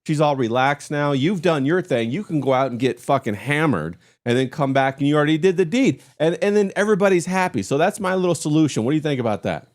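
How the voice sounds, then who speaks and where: A man's voice: on the high side, lively intonation, quick pace, hardly any pauses. An American man hosting a podcast with brash, crude casual banter. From United States. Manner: brash, says "bro" and "you know" a lot. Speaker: podcast host.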